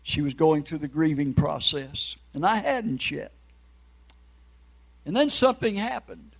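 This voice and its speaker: A man's voice: fairly high pitch, sing-song, measured pace, gravelly, husky, rough recording. An older man, an evangelist preacher, giving an emotional testimony sermon and breaking into tears.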